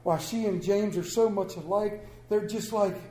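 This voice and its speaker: A man doing an old widower, halting and tender. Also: high voice, mellow, reverberant, natural voice, low-quality recording. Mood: grieving, tender. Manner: halting, speaks tenderly to his late wife. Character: grieving old widower, later roused and gruff.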